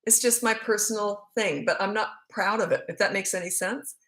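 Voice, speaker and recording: A woman's voice: medium pitch, moderate pace, a bit bright, reverberant. A middle-aged woman parenting coach answering questions in a casual, candid live Q&A, often laughing. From Canada. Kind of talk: casual livestream Q&A.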